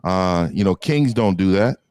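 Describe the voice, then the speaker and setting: A man on a casual panel who speaks boastfully and haltingly, with many restarts. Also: deep voice, animated, a little mellow, no echo, studio quality.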